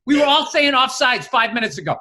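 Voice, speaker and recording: A man with a very high, bright voice rants at his co-hosts, swearing freely and picking fights for laughs. He talks in loose, casual podcast banter. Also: expressive, quick pace. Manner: profane, combative ranting. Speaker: podcast co-host.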